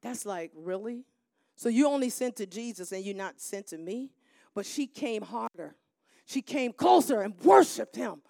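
A middle-aged woman minister preaching a sermon, swinging from quiet storytelling to loud shouted calls and crowd call-and-response. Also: on the high side, expressive, moderate pace, creaky, no room sound, clean studio sound.

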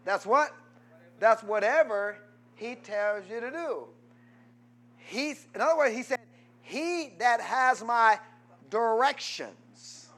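High-voiced, animated preaching man. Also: slow pace, pauses often. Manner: call-and-response preaching, quizzing the congregation; swings from loud exhortation to low asides. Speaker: pastor. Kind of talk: sermon.

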